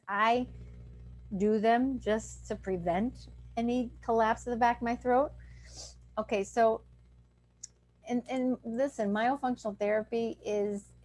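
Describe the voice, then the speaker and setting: A woman's voice: a little high, darkish tone. Woman dentist, lecturing over a video call; plain, explanatory delivery with demonstrated throat sounds. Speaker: dentist teaching a breathing clinic. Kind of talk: online lecture.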